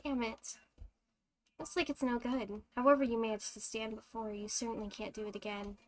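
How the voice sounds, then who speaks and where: A woman's voice: fairly high pitch, fairly even intonation, moderate pace. A woman streamer reading a visual novel aloud, narrating unhurriedly with casual asides.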